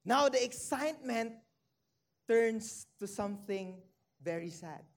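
A preacher delivering a sermon at a middle pitch. The delivery moves between read scripture and direct questions to the listeners. Important phrases are drawn out slowly, and the voice sinks low and soft at sad moments. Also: gravelly. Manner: slows down and stretches key phrases for emphasis; drops low and quiet on sad points, rises on excited ones.

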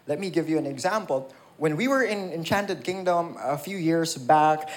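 A preacher gives an earnest, emphatic sermon in a church, reading scripture and asking the congregation questions. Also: mid-range voice.

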